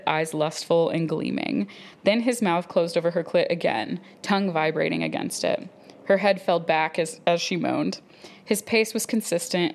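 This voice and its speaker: A young woman co-hosting a podcast reads from a steamy romance novel. Her voice sits low and carries a gravelly fry. She reads in a steady, expressive way. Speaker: podcast co-host.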